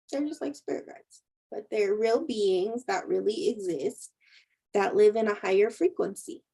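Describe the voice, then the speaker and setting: A woman's voice: fairly high pitch, mellow, low-quality recording. A woman spiritual teacher in a casual livestream chat, telling stories and laughing often. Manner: chatty storyteller, laughs often. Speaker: spiritual teacher and intuitive healer.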